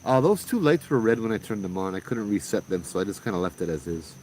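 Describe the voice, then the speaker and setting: A man's voice: on the low side, quick pace, a little hiss or hum. A middle-aged man from Hawaii with a Hawaiian Pidgin accent, hosting a casual chat and telling stories with lots of laughs. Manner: laid-back storytelling, animated quoted voices, laughs often. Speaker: podcast host.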